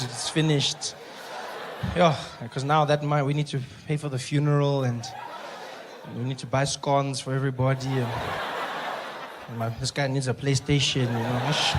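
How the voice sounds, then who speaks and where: A male stand-up comedian, telling a story in an animated way and acting out scenes. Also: mid-range voice, moderate pace, heavy background noise. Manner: animated, acts out scenes, rising to shouts.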